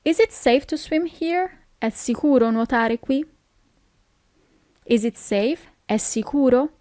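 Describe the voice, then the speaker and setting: Slow, patient Italian-accented woman teacher. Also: high-pitched, a little mellow, no echo, clean studio sound. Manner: patient explaining, often checks with "okay?". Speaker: language teacher. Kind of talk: recorded language lesson.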